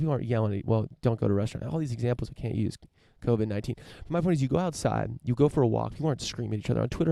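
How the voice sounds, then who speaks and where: A man's voice: mid-range voice, vocal fry, mellow, no room sound, clean studio sound. A young man hosting a podcast, rambling through a casual profane rant with lots of restarts and fillers. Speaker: podcast host.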